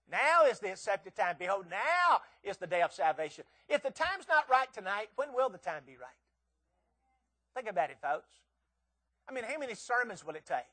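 Brief: fairly high-pitched male preacher, emphatic and storytelling, swings loud and soft. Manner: emphatic, rising and falling with quoted voices. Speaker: visiting preacher. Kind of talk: revival sermon with storytelling.

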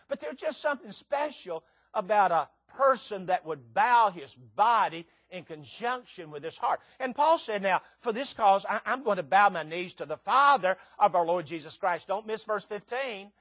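Preacher guy in his 60s, high voice, goes loud then soft, dry sound. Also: very animated, normal speed, hardly any pauses, no echo. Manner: dynamic preaching, swinging from loud to hushed. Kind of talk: sermon.

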